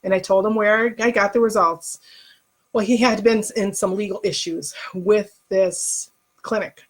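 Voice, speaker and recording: Talking to the camera, a middle-aged woman vlogger candidly shares a personal story in a conversational way. Her retelling is openly emotional and a bit rambling, delivered at a medium pitch for a woman with a steady tone and measured pace.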